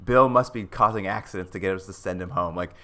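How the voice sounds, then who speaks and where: Male podcast co-host, low-ish bright voice, animated recap storyteller. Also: quick pace. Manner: animated storyteller, acts out characters' lines. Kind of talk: casual chat recapping a TV show.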